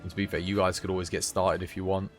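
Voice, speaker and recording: A man streaming live and chatting casually as he plays, given to high giggling fits. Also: flat delivery, fast, faint music behind. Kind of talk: live gameplay commentary.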